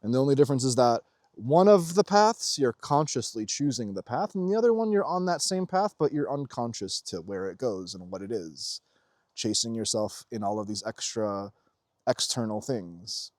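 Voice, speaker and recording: A man's voice: medium pitch, animated, normal speed, a little mellow, no echo, studio quality. A man giving a blunt, profane spiritual talk to his viewers, jumping into mocking voices when he mimics others. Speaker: spiritual vlogger. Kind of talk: unscripted spiritual monologue.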